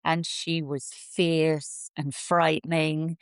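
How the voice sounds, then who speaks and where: Woman from england telling her story, kinda gravelly, dry close sound. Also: sits low, little pitch movement, slow pace, no room sound. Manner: earnest, vivid storyteller. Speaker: sanctuary founder, guest. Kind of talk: storytelling in an interview.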